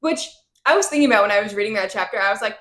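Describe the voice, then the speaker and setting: A woman co-hosting a podcast, talking about a book in blunt, animated casual chat and swearing freely. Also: mid-range voice, racing. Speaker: podcast co-host. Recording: roomy echo.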